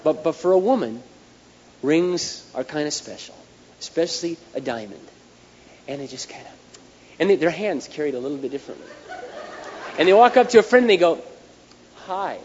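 A male pastor preaching a sermon, telling lively stories and counting off numbered points. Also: fairly high pitch, fairly quick, long pauses. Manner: animated storytelling, numbered points. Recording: dull echoey hall recording, faint hiss.

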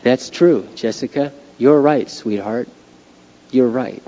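A man's voice: medium pitch, takes it slowly, warm tone. A middle-aged man preaching a sermon as a pastor, earnest and conversational. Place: church sanctuary. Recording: lo-fi recording with long hall reverb.

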